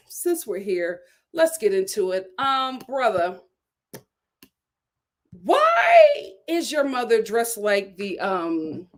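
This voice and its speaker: A woman giving sassy, animated commentary on a reality show, laughing at her own jokes. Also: high-pitched. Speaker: reality TV reviewer. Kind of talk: casual commentary.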